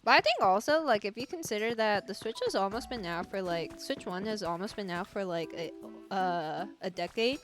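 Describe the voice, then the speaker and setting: A woman's voice: mid-range voice, animated, moderate pace. A woman streaming a video game, chatting casually with her viewers, full of filler likes and laughing at herself. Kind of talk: casual gameplay livestream chat. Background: game music.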